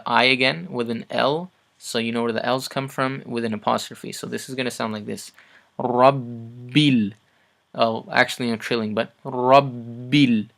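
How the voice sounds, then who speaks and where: A man giving a pronunciation lesson, patiently explaining and repeating each sound slowly, with frequent fillers. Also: medium pitch, gravelly, a bit bright. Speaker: Arabic pronunciation teacher.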